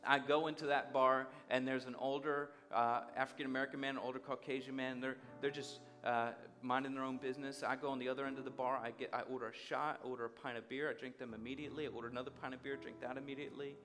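A man's voice: medium pitch, flat delivery, fast, hardly any pauses, fairly bright tone. Brief: male preacher, vivid storyteller who acts out the dialogue, guitar music underneath. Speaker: guest speaker. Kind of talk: sermon storytelling.

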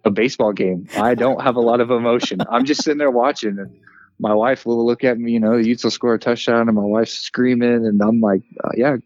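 A man in his thirties, a former player and coach, chatting on a podcast in an even-keeled, relaxed way with lots of fillers. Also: medium pitch, a little fast, dry recording, dull audio. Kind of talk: casual podcast chat.

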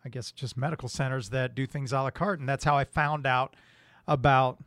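A man's voice: medium pitch, fairly even intonation, fairly quick, a bit bright, no echo, studio quality. A man co-hosting a casual podcast chat, telling stories with laughs. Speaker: podcast co-host.

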